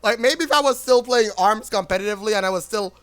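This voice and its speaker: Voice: mid-range voice, fast talker, fairly bright tone. A streamer in a casual livestream rant, rambling and blunt, with frequent swearing.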